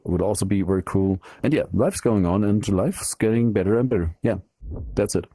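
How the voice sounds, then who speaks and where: German-accented male pastor, low voice, dry sound, halting delivery. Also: mellow, dry recording. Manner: hesitant, many fillers. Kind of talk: casual chat.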